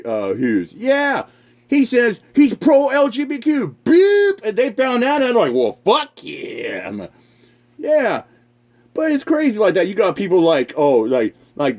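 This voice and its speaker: A man's voice: fairly high pitch, darkish tone. A man hosting a casual podcast, ranting with constant swearing and frequent laughs. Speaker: podcast host. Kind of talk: casual profane rant.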